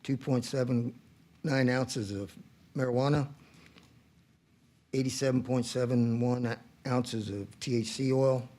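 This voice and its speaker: Brief: male sheriff, mellow timbre, reads stats in lists at a county meeting. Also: medium pitch, fairly even intonation, unhurried, pauses often. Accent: Texan. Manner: reads figures in a list with brief fillers. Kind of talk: reading monthly statistics at a public meeting.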